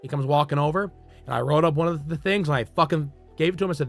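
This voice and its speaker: A male streamer telling a story casually, animated and profane, swinging between loud bursts and muttered asides. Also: on the high side, quick pace, soft background music.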